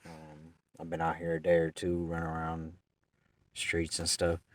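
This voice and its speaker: A young man tells a rambling, profane story in casual slang. His voice is deep and low. The sound is dry, picked up from a little distance off the mic. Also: monotone, moderate pace, no echo. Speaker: vlogger.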